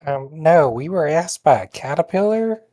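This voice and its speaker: A man's voice: fairly high pitch, expressive, moderate pace, dark tone. A man playing a tabletop game, speaking in character, hesitant and full of fillers. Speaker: player. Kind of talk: casual tabletop play and in-character talk.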